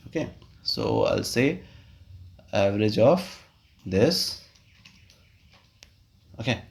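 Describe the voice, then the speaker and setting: A man, explaining a spreadsheet tutorial step by step with frequent okays and uh fillers. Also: medium pitch. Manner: step-by-step, explains while clicking, frequent "okay" and "uh". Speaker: tutorial host. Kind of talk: screen-recorded software tutorial.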